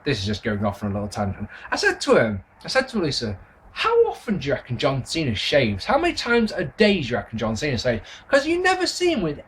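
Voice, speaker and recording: A man's voice: medium pitch, huge pitch swings, fast talker, fairly bright tone, a little hiss or hum. A man, answering viewer questions in a casual vlog, rambling, swearing and apologising for his answers. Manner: rambling, sweary, self-deprecating. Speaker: wrestling video reviewer.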